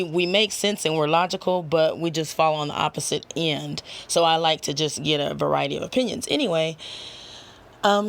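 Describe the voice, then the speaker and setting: A chatty woman tarot reader talking casually to her viewers, laughing often and jumping up in pitch. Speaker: tarot reader and channel host. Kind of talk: casual chat to camera.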